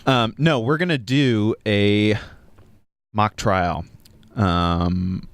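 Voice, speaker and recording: A man's voice: lowish voice, drawn-out words, clear, resonant tone, no echo, studio quality. A man hosting a casual podcast from a couch in an indoor room, joking and laughing often as he rambles loosely. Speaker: podcast host.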